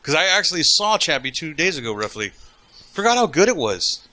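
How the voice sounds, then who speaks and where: A man's voice: a little high, sing-song, brisk, pushed and bright, a little hiss or hum. A man guesting on a podcast, laid-back, chiming in with short remarks. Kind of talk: casual chat.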